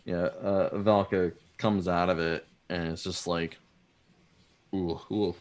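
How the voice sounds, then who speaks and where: A man playing a tabletop game, relaxed and laughing often as he describes his character's actions. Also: deep voice, a little slow. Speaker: player. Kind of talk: tabletop role-play chat.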